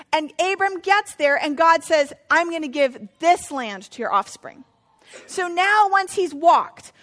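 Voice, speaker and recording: A middle-aged woman pastor preaches a conversational sermon in a high, fairly bright voice, now and then acting out what biblical figures might say.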